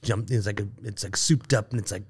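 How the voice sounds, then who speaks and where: A man's voice: on the low side, fairly even intonation, brisk, husky. A man on a casual chat show, telling a long story full of asides and acted-out quotes. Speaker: guest, brewer.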